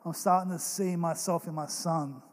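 A young man preaching a sermon as pastor, telling stories in an earnest, animated way. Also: a little high, moderate pace. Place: church hall. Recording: long reverb of a large hall.

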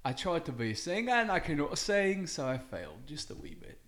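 A man's voice: a little high, big pitch swings, brisk, a bit bright. A man voicing a lazy, boastful Englishman in his thirties with a put-on English accent, swearing and tacking "mate" onto his lines in an improvised comedy bit. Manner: swears a lot, tags every line with "mate".

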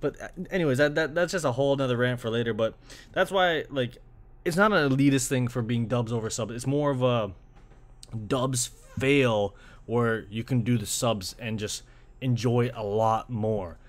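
A man's voice: mid-range voice, normal speed. A young man from Canada ranting casually about anime translations, full of "like" fillers and swearing, slipping into mocking voices. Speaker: anime fan. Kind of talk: casual rant.

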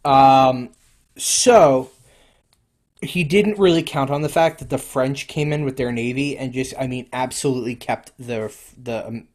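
A man's voice: mid-range voice, a little slow, a little mellow. A man co-hosting a casual history podcast, rambling with many fillers and restarts. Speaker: podcast co-host.

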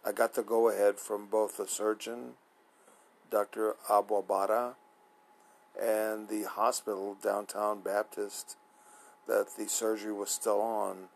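A man with a fairly low voice hosts his own show in a loose, rambling monologue. He trails into fillers and restarts, sounding drowsy and a little apprehensive. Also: level tone, slow pace, gravelly, poor audio. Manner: nervous, apprehensive. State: sleepy, yawning. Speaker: podcast host. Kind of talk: casual solo monologue.

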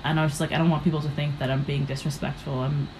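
A young woman from the United States speaks with a notably low voice over a faint hiss. She guests as a comedian, rambling through her stories with plenty of fillers. She acts out her own reactions as she goes. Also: flat delivery, rapid-fire, darkish tone, rough recording. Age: young adult. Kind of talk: casual interview storytelling.

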